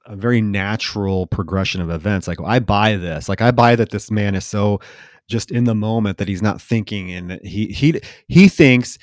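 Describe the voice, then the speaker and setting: Male podcast co-host, dry close sound, animated storyteller. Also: on the low side, normal speed, dry recording. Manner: animated retelling, acts out characters' lines. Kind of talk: casual film recap.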